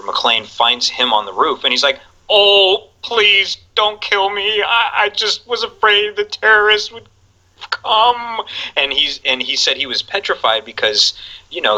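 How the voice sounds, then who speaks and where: A man's voice: on the low side, pushed and bright, poor audio. A man in casual chat, talking enthusiastically and rambling with plenty of fillers.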